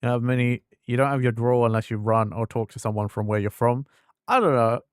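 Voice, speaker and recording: A man's voice: medium pitch, fast, clear, resonant tone, no room sound, clean studio sound. A young man from England, his English accent fading toward London, chatting casually and rambling on a gaming stream. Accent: fading English, London-leaning. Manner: rambling, filler-heavy, self-interrupting.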